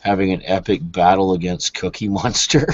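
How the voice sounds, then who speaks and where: A sick, hoarse man with a gravelly voice, chatting playfully while hosting a live stream. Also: deep voice, fairly even intonation, moderate pace, dry recording, lo-fi sound. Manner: laughs a lot, playful. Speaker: live commentary host. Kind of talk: casual live-stream chat.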